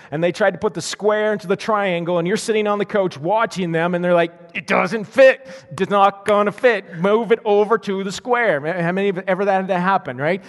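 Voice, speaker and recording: A man preaching to his congregation, reading scripture and stopping to explain it in an easy, conversational way. His voice sits a little high for a man. The sound carries a long reverb from a large hall. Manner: reads scripture aloud, then explains it in casual asides. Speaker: pastor. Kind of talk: sermon.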